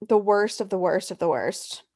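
A woman's voice: medium pitch, lively intonation, normal speed, a little mellow, slightly rough. A woman co-hosting a casual chat, ranting heatedly and profanely with mocking quotes.

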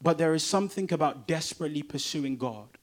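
A man's voice: a little high, fast. A man preaching a sermon in an emphatic, repetitive way that builds intensity.

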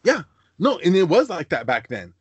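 A young man hosting a casual podcast chat, telling animated stories and slipping into high-pitched voices for the people he quotes. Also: normal speed, breathy edge, no echo, muffled recording. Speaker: podcast host.

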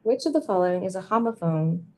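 A woman's voice: fairly low pitch, animated, fast, warm tone, poor audio. A woman co-hosting a casual quiz chat, playful and teasing, boasting about her answers. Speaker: co-host.

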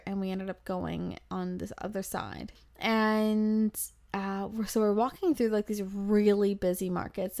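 Chatty young woman telling a travel story. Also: mid-range voice. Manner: chatty, animated, acts out quotes with fillers. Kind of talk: casual storytelling.

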